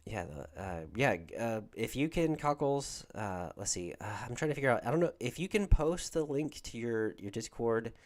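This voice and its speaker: A man's voice: mid-range voice, animated, moderate pace, few pauses. A man from Georgia with a Southern accent, hosting a casual livestream and chatting with viewers in a rambling way. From Georgia, USA. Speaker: livestream host.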